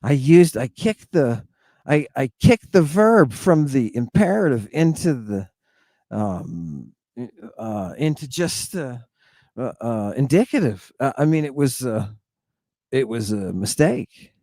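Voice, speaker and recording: A man hosting a lecturing monologue to his viewers. He talks emphatically, keeps asking "right?" and "do you understand?", and stalls in halting restarts with drawn-out fillers. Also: medium pitch, big pitch swings, dark tone, dry recording. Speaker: host.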